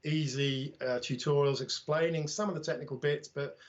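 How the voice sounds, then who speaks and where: A man's voice: on the high side, steady tone, normal speed. Chatty British man on a muffled line. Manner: chatty, self-deprecating, anecdotal. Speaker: drone YouTuber guest. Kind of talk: casual livestream chat.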